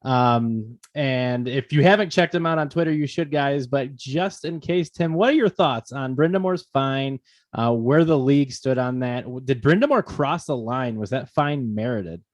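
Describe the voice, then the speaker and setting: A man's voice: medium pitch, no echo. A man co-hosting a podcast, asking casual interview questions in a friendly, chatty way. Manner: friendly, chatty, quick reassurances. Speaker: podcast co-host.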